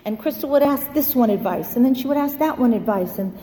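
Woman, storytelling. Mellow voice, a bit high, animated and acts out quotes, echoey hall. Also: a little fast. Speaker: speaker sharing a recovery story. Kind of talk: storytelling talk. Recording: echoey hall with faint ambience.

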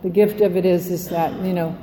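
A woman's voice: on the low side, steady tone, a little fast, mellow, slight background noise. Older woman speaking in an echoey hall. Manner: rambling heartfelt storytelling. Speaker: Al-Anon speaker. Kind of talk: recovery meeting share. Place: meeting hall. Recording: echoey hall, faint ambience.

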